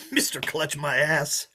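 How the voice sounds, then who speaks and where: An actor playing a menacing drifter who taunts his hostages, swinging from loud mockery to hushed threats, in a play reading. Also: fairly high pitch, huge pitch swings, slow, exaggerated voice. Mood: reminiscing. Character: menacing, sneering drifter holding a diner hostage. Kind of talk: play read over a video call.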